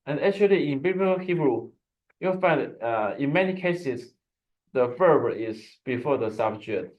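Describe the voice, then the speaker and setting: A male Hebrew teacher with an average-pitched voice takes students through a language lesson over a video call, with the high frequencies cut off. His explanations are animated yet slow and patient, and he frequently breaks off to start a sentence again.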